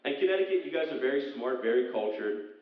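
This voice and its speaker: A man from central Pennsylvania doing a rambling, self-deprecating stand-up set on a casino club stage, slipping into silly high voices for bits. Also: animated, quick pace, crowd noise. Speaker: stand-up comedian. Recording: roomy, distant, dull club recording with audience. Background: audience laughter.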